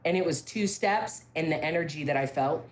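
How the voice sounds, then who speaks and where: A woman from a ranch telling ghost stories in casual talk, emphatic, with halting restarts and key phrases repeated. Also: sits low. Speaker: ranch staff member interviewed about ghost stories. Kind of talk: casual spoken storytelling.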